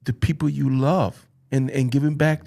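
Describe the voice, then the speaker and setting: Earnest, halting man telling his story. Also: medium pitch, little pitch movement, gravelly, mellow. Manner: earnest, halting, repeats phrases. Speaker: podcast guest, youth football coach. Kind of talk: emotional personal storytelling.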